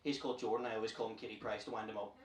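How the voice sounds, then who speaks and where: A man's voice: on the low side, little pitch movement. A young man with a Northern Irish accent doing a brash, profane stand-up set in a comedy club. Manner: brash, profane, rapid storytelling. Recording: roomy club, distant mic, noisy.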